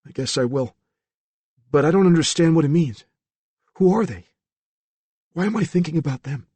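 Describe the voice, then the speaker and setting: Guy narrator doing a mixed-up young dude, high, quiet, unsure, kinda breathy. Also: lively intonation, dry recording. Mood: uneasy. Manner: hushed, uncertain, halting. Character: young troubled man, bewildered and soft-spoken.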